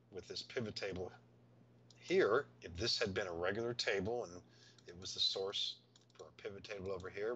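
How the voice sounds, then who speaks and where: Lo-fi man patiently explaining software. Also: low voice, slight background noise. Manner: patient step-by-step explaining, thinking aloud. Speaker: software instructor. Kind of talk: screen-recorded software tutorial.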